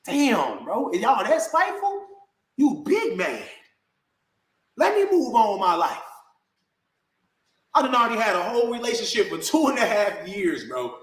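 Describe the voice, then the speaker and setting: A man's voice: high-pitched, wildly swooping pitch, normal speed, pauses often. Indignant man ranting in an echoey room. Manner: indignant, repetitive, addresses viewers as bro. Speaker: vlogger. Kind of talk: heated rant to camera.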